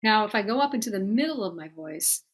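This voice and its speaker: Woman, voice teacher, patient and explanatory, a mid-pitched speaking voice, stops now and then to sing short demonstrations. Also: lively intonation, fast. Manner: patient, explanatory, talks directly to students. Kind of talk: singing lesson explanation.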